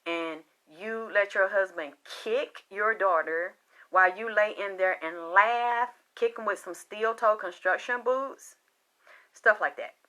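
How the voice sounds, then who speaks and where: A woman's voice: mid-range voice, takes it slowly, pushed and bright. A woman working as a spiritual reader, talking in a casual, impassioned monologue that is rambling and full of swearing.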